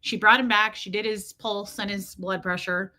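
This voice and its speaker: A middle-aged woman chats to her stream in a bright, forward voice. She rambles through a story, undercuts herself with deadpan jokes and mock confessions, and breaks off now and then to answer chat. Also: medium pitch, moderate pace. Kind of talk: casual storytelling live stream.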